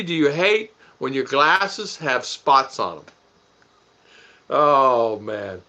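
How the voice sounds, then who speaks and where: A man's voice: mid-range voice, lively intonation, drawn-out words, sharp tone. A middle-aged man hosting a casual live stream, chuckling and rambling as he reads comments and thanks viewers by name. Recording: dull lo-fi stream audio.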